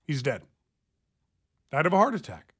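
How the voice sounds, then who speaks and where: Brief: male radio host, casual and conversational, voice a touch higher than most men, studio mic. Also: very animated, normal speed, a bit bright, slightly rough. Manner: conversational, reads news aloud with asides. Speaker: radio talk show host. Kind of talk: casual talk radio chat. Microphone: studio microphone.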